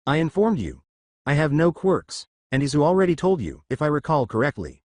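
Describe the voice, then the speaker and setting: A man's voice: on the high side, very animated, brisk, darkish tone, dry recording. A man voicing a weary teenage boy who answers in a level, impartial tone that turns menacing. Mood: flat.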